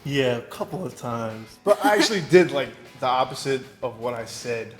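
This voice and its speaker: A young man talks in an easy, laid-back way, leaning on plenty of fillers as he answers questions. He is heard in an echoey room with music playing clearly behind him. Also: mid-range voice, animated, moderate pace. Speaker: guest. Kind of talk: casual chat.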